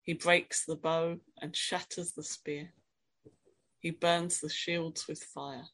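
A woman preaching a sermon, reflective and questioning, reading scripture in a quiet, dramatic voice. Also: low-pitched, level tone, takes it slowly.

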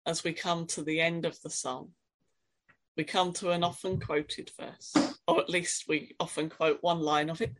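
Woman preacher, lowish voice, reflective sermon delivery, asks gentle questions, reads scripture dramatically. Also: steady tone, measured pace.

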